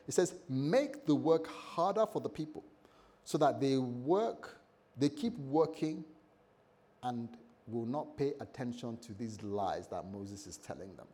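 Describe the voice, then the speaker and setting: A pastor preaching a lively sermon, acting out the scripture characters with shifting voice and joking asides. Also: male voice, medium pitch, unhurried.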